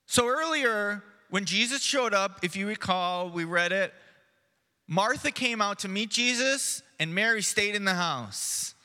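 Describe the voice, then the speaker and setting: Pastor, man, high bright voice, unhurried earnest sermon delivery, church hall reverb. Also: animated, clean tone. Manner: measured, earnest preaching, dropping soft and slow for reflection. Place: church sanctuary.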